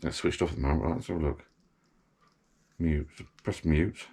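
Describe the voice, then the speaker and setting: A man's voice: a bass voice, normal speed, dark tone. A middle-aged British man chatting casually while he unboxes a gadget, rambling and thinking aloud as he goes. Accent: British English.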